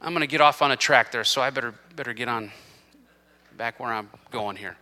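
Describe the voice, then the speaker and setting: A man's voice: fairly quick, sharp tone. Impassioned male pastor preaching in a reverberant hall. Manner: impassioned preaching that climbs to urgent, high-pitched emphasis; emotional, earnest. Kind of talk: sermon. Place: church sanctuary. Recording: long hall reverb from a church room.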